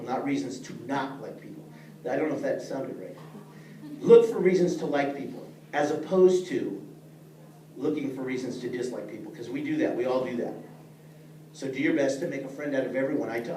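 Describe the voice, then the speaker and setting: A man's voice: medium pitch, warm tone. Earnest middle-aged man teaching a class. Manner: earnest, plain-spoken, addresses listeners directly. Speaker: leadership teacher. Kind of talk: speaking to a class. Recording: echoey room, mic far off, faint noise.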